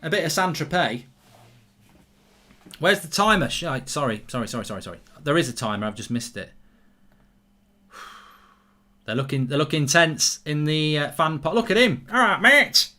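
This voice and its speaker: A young man hosting a live football watchalong, reacting loudly to the match and reading out viewer chat. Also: a little high, normal speed, long pauses. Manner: excitable, shouts at the match, reads chat aloud.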